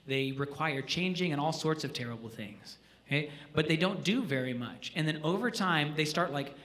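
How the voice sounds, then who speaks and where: Bright-voiced man teaching a jazz clinic. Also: on the high side, moderate pace. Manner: animated, joking, asks the audience questions. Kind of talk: live music clinic teaching students. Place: school auditorium.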